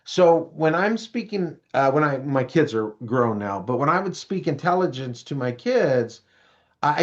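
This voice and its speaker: A middle-aged man giving a parent-education talk, telling a story in an animated, conversational way. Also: fairly high pitch. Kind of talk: storytelling presentation. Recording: dull lo-fi recording.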